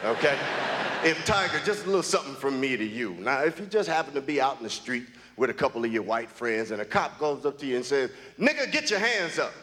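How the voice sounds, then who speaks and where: A man's voice: mid-range voice, quick pace, few pauses, a bit bright. A man from the United States doing a stand-up comedy set on stage, talking in a drawling way with many fillers. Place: comedy club stage, live audience. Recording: live hall with crowd and noise.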